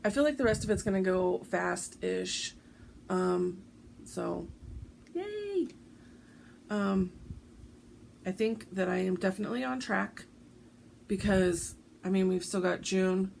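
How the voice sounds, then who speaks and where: A woman chatting casually about her stitching projects, rambling with lots of ums, her voice going a bit hoarse. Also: medium pitch, fairly even intonation, measured pace, darkish tone, a little hiss or hum. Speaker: cross-stitch vlogger. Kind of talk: casual show-and-tell chat.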